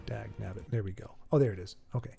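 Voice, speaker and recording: A man's voice: on the low side, rapid-fire, over music. A man hosting a game live stream, chatting casually in a joking, rambling way.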